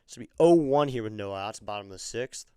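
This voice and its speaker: A man giving excitable live fan play-by-play of a baseball game on his stream, chatting with viewers between pitches. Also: fast talker, very noisy. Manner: chatty, excitable on big plays.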